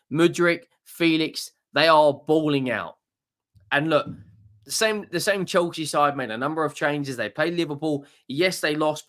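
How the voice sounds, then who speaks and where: A man's voice: mid-range voice, fairly bright tone. Enthusiastic man talking football. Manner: enthusiastic, repeats words, restarts often. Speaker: football channel host. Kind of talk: casual match reaction.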